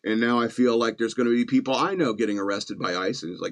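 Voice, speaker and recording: A man's voice: lowish voice, fairly even intonation, fast, hardly any pauses. A man hosting a podcast from Virginia, reading news stories with sarcastic, chuckling asides in a casual comedic style. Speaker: podcast host.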